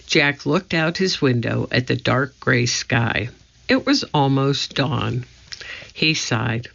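Storybook reader: man, slow and gravelly, dull lo-fi recording. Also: medium pitch, big pitch swings, fairly bright tone. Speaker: narrator. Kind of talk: reading a children's book aloud.

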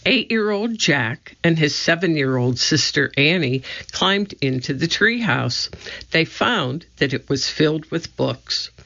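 A narrator reading a children's book aloud in an expressive storytelling manner. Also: mid-range voice, creaky, muffled recording. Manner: expressive storytelling, voicing each character. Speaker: audiobook narrator.

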